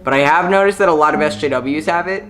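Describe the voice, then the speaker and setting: A man's voice: fairly high pitch, fast, a bit bright. A man talking frankly in a casual vlog, chatty and full of filler words. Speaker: YouTuber. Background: background music.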